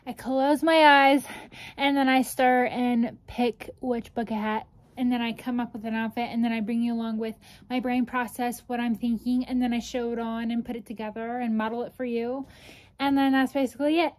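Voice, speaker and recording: A woman's voice: on the high side, level tone, a little fast, a little mellow. A young woman vlogging casually, rambling and thinking aloud with lots of "like"s as she plans an outfit. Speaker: fashion vlogger. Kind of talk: casual vlog chat.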